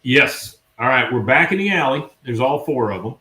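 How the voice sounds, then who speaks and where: A man hosting a podcast, casually recapping an episode with animated storytelling. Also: mid-range voice, normal speed. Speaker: podcast host. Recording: echoey room.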